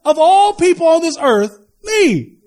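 A man preaching a lively sermon as pastor, mixing humorous asides and laughter, swinging between loud exclamations and quiet talk. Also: very high voice, a little slow.

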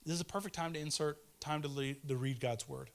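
A man in his thirties giving a casual, earnest devotional sermon, pleading with listeners and swinging between fervent urgency and hushed tenderness. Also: fairly high pitch, quick pace, creaky. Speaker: preacher.

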